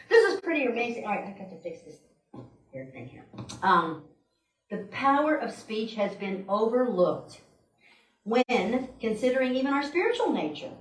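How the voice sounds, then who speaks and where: Woman speaker, talky sermon, high and expressive, roomy church sound with the mic a bit far off. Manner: animated, chatty, acts out quotes with a laugh. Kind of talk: conversational sermon. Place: church sanctuary. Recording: roomy echo, mic at a distance.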